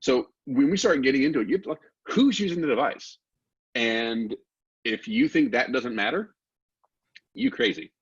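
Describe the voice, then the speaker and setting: A man from Texas, a guest expert, explaining technical matters in a relaxed, informal way and asking rhetorical questions. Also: mid-range voice, normal speed, slightly rough, highs cut off.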